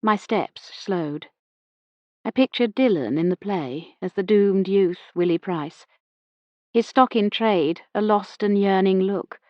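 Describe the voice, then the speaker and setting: A woman narrating a mystery novel in the first person, in a measured, reflective way. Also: medium pitch, no echo, lo-fi sound. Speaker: audiobook narrator.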